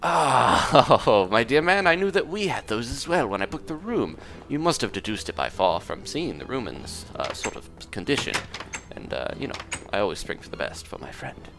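A man's voice: medium pitch, big pitch swings, moderate pace, creaky, few pauses. A man hosting a gaming video in character as a pompous detective, with a put-on English accent and a jokey manner. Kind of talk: in-character let's play commentary.

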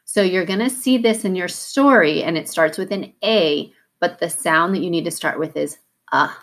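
A woman teaching a phonics lesson for children, sounding out words slowly and carefully. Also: on the low side. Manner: slow, careful, over-articulated sounds.

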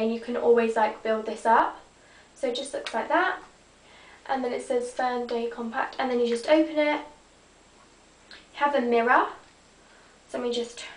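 A woman's voice: a little high, recorded from a distance, a little hiss or hum. A teenage girl, chatting casually and rambling as she shows off her makeup. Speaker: beauty vlogger. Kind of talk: casual makeup show-and-tell. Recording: echoey room, voice off-mic.

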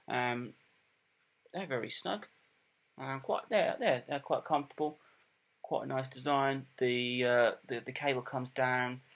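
A middle-aged man giving a casual product review, plain and unhurried, with many ums and repeated words. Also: medium pitch, fairly bright tone. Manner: plain, unhurried and matter-of-fact.

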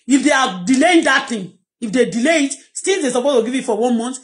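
Middle-aged Nigerian-accented woman, personal vlog, pleading and repetitive, slightly high voice. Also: expressive, moderate pace. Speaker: vlogger.

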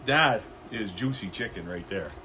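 A man's voice: lowish voice, animated, moderate pace, sharp tone, slight background noise. Upbeat man hosting a backyard grill stream. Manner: upbeat, jokey, chatty with viewers. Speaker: grill show host. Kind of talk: casual cooking livestream. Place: backyard grilling area, outdoors.

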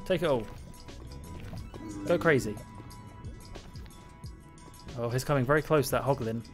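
A man gives live gameplay commentary in a voice of ordinary pitch, chatty and quick to make fun of himself. He talks to the creatures on screen and to his chat as he goes, with game music clearly playing behind him. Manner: playful and self-mocking. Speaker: streamer.

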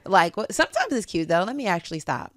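A woman with a deep, raspy voice co-hosting a podcast in casual chat, playful and teasing. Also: very animated, fast, fairly bright tone, no room sound, clean studio sound. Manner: playful, teasing, laughs often. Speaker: podcast co-host.

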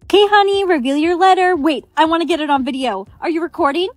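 A text-to-speech woman's voice reading a storytime script, voicing every role with even synthetic delivery. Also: very high-pitched, fast, no room sound, soft background music.

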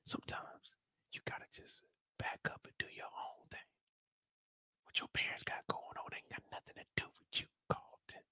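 In a whispered role-play, a serene male counselor murmurs his advice so softly it barely carries, as a man puts him on. The breathy hush stays flat and dry, close to no voice at all. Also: normal speed, long pauses, no room sound. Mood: hushed calm. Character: calm male advice-giver who only whispers.

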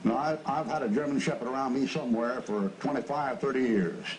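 A man preaching a fiery pulpit sermon, yelling and growling at his listeners in a blunt, mocking way. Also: medium pitch, a little fast, slight background noise, rough recording.

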